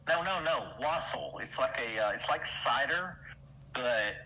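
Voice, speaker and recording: A man's voice: medium pitch, unhurried, over a noisy crowd, poor audio. A man with a Southern US accent from Alabama, chatting casually on a stream and telling folksy, rambling stories. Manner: folksy, rambling, lively storyteller. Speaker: stream regular. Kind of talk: casual voice chat.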